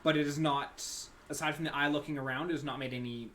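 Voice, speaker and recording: A man in the game master's seat, describing the scene in an unhurried, everyday way. He stops and restarts often, padding his lines with fillers. There is a faint hiss under the recording. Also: fairly high pitch, steady tone, fairly bright tone. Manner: casual, hesitant narration with fillers and restarts. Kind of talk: narrating a tabletop game.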